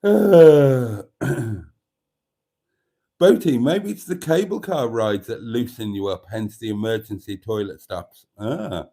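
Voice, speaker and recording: A man's voice: medium pitch, slow pace, pauses often, dark tone. A man hosting a live stream, chatting casually and reading viewer comments aloud.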